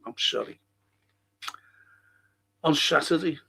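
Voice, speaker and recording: A man hosting a livestream podcast reads out chat comments and rants heatedly, swearing constantly and firing off rhetorical questions. His voice is on the high side, slow, bright, and forceful, with vocal fry and a slight roughness.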